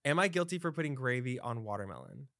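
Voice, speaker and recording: A man's voice: mid-range voice, animated, quick pace, background noise. A man hosting a podcast, chatting casually in a playful, teasing way. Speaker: podcast host. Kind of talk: casual chat.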